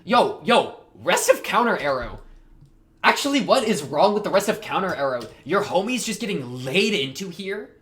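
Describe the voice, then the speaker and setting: A man's voice: high voice, moderate pace. Young guy doing anime reaction commentary, rambly and slangy, voice bouncing all over the place. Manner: rambling, slangy, excitable outbursts.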